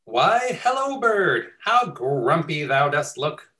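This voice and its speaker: A cheerful, curious sheep with a high, sing-song voice, put on by a man who pitches far above his usual register. It greets others in bright storybook verse, read aloud over a video call. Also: sing-song, slow pace, exaggerated voice.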